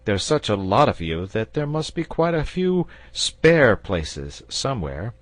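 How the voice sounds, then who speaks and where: Earnest persuasive knight, storybook, raised above a low voice, lively swings, played by a man. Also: measured pace, no room sound. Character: confident, patient male knight.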